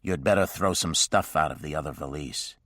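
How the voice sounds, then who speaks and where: A male audiobook narrator voicing a gruff, guarded frontiersman who gives curt, clipped commands. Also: very deep voice, a little fast, a bit bright, no echo, clean studio sound.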